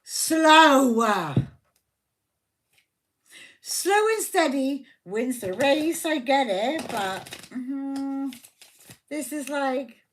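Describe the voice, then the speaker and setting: A woman's voice: sits high, animated, takes it slowly. A woman giving a casual live tarot reading, blunt, joking and full of swearing. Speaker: tarot reader. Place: home livestream.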